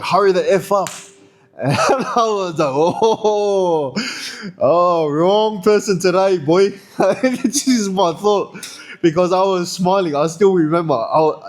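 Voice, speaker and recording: Laughing young Australian man telling a yarn. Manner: laughs often, slangy, swings high when excited. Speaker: storyteller. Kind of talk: casual storytelling.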